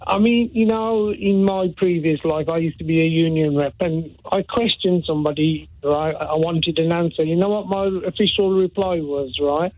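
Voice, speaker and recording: Brief: male radio caller on a phone line, slightly high voice, chatty and rambling, tinny sound. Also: moderate pace, few pauses. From England. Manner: chatty, keeps checking agreement with "right?". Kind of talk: phone-in call.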